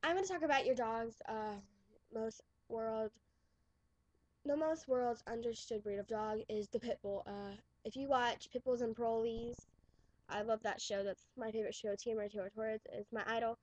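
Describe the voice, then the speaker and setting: This webcam vlogger is a teenage girl with a New York accent who chats loosely, restarting and trailing off a lot. Her voice is a little high with fairly even intonation at a moderate pace, captured dry on a webcam mic with dull lo-fi quality.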